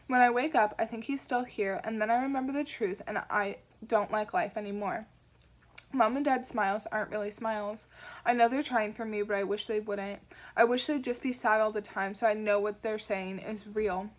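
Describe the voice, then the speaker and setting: A woman reading a first-person audiobook aloud in a soft, measured storytelling manner. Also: medium pitch, steady tone. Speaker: audiobook reader.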